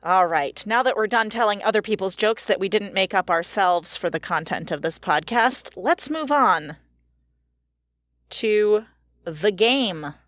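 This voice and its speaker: A woman co-hosting a casual podcast over a webcam call, upbeat and chatty as she runs a game. Her voice has a middle pitch, and the sound is dry with no room around it. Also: lively intonation, measured pace, fairly bright tone, no echo. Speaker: podcast co-host. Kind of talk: casual chat, running a game.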